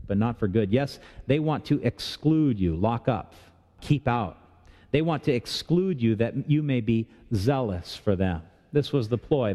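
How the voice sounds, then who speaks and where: Mellow-voiced pastor preaching in a reverberant hall. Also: male voice, medium pitch. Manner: conversational preaching with rhetorical questions and humor. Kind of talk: sermon. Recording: long reverb of a large hall.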